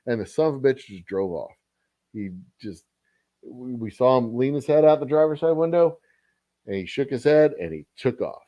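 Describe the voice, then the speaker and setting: A man hosting a relaxed livestream happy hour, telling a meandering diner story full of cussing and chuckles. His voice sits at an ordinary middle pitch. The sound is close and dry, with no room echo. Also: normal speed, muffled recording. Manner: rambling, profane, chuckling. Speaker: distillery host.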